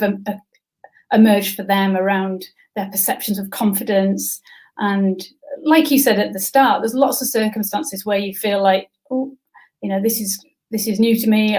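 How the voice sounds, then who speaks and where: A woman's voice: medium pitch, a little mellow, low-quality recording. A middle-aged woman, a coach and career consultant speaking as a guest in an interview, thoughtful and often restarting her sentences. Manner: thoughtful, many restarts and fillers. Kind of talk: conversational expert interview.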